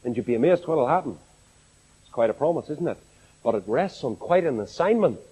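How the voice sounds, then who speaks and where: Animated Northern Irish preacher, echoey hall. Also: male voice, medium pitch, a little fast, slightly rough. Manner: expressive, rhetorical questions to the congregation. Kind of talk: sermon. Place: large assembly hall.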